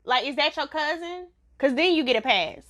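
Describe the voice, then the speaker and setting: A woman's voice: high voice, expressive, moderate pace, fairly bright tone. A woman giving a casual, blunt TV review in a vlog, laughing often. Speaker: TV show reviewer.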